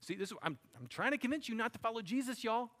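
A man's voice: extremely high pitch, expressive, fast, fairly bright tone. A man preaching a sermon, talking to the congregation in a conversational way and calling them buddy and friends. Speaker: pastor.

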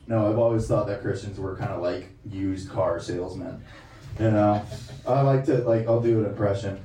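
Man, stand-up comic, brash, crude, pitch jumping all over, echoey room, sounds far from the mic. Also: animated, moderate pace, darkish tone. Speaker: stand-up comedian. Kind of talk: stand-up set.

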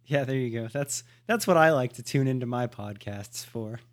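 A man's voice: mid-range voice, moderate pace. A man co-hosting a podcast in casual chat, laid-back and joking. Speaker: podcast co-host.

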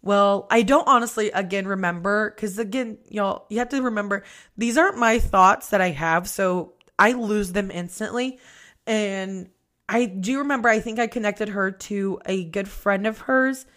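A woman's voice: mid-range voice, moderate pace, fairly bright tone. A young woman hosting a podcast, telling a personal story in a candid, casual chat, swearing freely and laughing often. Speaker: podcast host.

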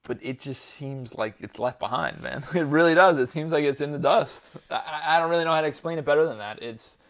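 A man's voice: a little high, a little fast. A man co-hosting a casual podcast chat, rambling with lots of fillers, laughter and swearing. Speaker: podcast co-host.

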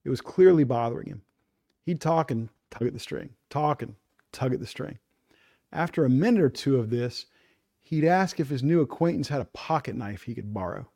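Man telling a measured story. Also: medium pitch, lively intonation, gravelly, warm tone. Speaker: host of a fishing talk show. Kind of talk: scripted opening monologue.

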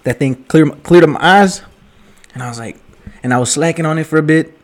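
A man's voice: fairly high pitch, a little fast. A young man casually telling a late-night story as a vlogger, rambling and profane, full of slang and jokes, drinking while he talks. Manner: rambling, profane, joking slang with 'yo' and 'bruh'.

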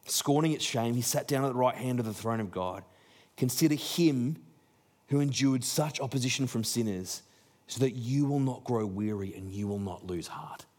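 A man's voice: medium pitch, normal speed, darkish tone. A man preaching a sermon in a conversational way, acting out the people he quotes. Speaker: pastor.

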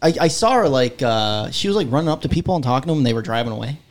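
Gravelly man in his thirties. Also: mid-range voice, animated, very fast, slight background noise. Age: 30s. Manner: laid-back, swears freely. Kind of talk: casual chat.

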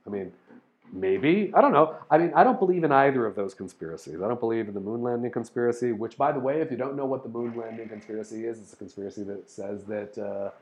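A man hosting a casual explanatory monologue, rambling through ideas, spelling out words and filling pauses with ums and restarts. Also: mid-range voice. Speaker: host explaining topics to listeners.

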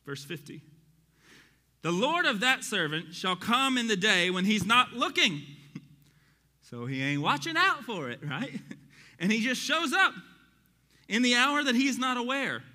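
A male pastor preaching a sermon, animated and joking with his congregation. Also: extremely high pitch, unhurried, long pauses. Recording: reverberant hall.

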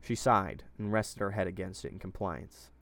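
A man reading his own fantasy story aloud in steady, plain narration. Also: low-pitched, normal speed.

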